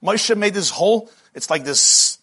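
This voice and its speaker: A male rabbi teaching a Torah class, speaking a flavor. His husky voice sits fairly high for a man and swings widely in pitch. He grows animated and at times rises to shouting as he tells the story. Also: a little slow. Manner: animated, rises to shouting when retelling the midrash. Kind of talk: lively Torah lecture.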